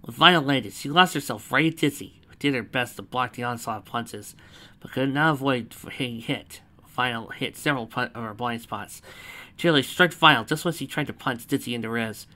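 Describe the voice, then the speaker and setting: A man's voice: medium pitch, normal speed, pushed and bright. A man reading a fanfiction story aloud, adding chatty asides between the narration.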